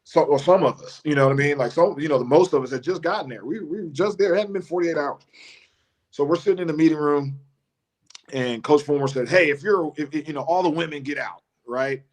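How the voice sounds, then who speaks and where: A man, a former college football player telling casual stories as a guest on a live show, often restarting and laughing. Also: brisk. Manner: animated storyteller who mimics his coach in a high voice, laughs often, many restarts.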